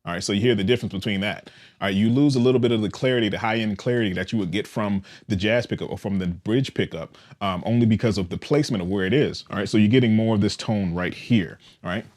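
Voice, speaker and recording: A man casually demonstrating and explaining a bass guitar's controls, in a relaxed, explanatory way with frequent "all right" checks. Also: quick pace. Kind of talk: casual instructional demo.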